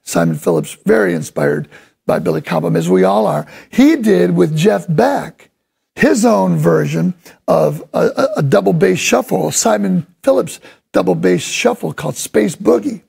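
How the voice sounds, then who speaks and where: A man talks through a drum lesson in a loose, rambling way, full of enthusiasm. His fairly high voice is heavily gravelly and deeply husky, as if worn rough. He sometimes sounds out drum patterns with his mouth. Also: big pitch swings, normal speed, a little mellow. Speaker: drum instructor. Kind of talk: casual spoken drum lesson.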